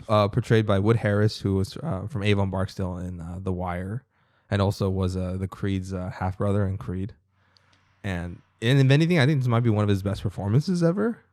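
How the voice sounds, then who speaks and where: Low-voiced man rambling in casual podcast chat. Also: a little fast, darkish tone, dry recording, clean studio sound. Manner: rambling, swears freely, many fillers. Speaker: podcast co-host.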